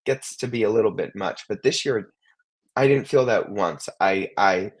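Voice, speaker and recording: A man's voice: lowish voice, moderate pace. A man in his twenties, co-hosting a podcast in casual chat, rambling with many restarts and fillers. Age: 20s. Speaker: co-host.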